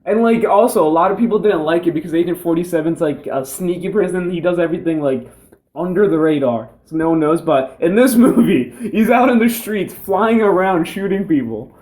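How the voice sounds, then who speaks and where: A man's voice: high voice, a little fast, a little mellow. A young man co-hosting a casual podcast, joking and rambling. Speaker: podcast co-host. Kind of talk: casual chat.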